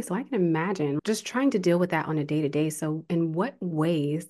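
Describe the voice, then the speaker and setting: A woman's voice: low-pitched, creaky, a little mellow. A woman hosting an interview, asking reflective and encouraging questions. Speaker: podcast host.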